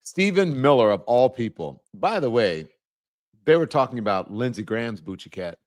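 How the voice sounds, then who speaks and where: Very animated at a moderate pace, this mid-range male host rambles through livestream commentary, becoming indignant about current events. His sound is studio quality, free of room noise.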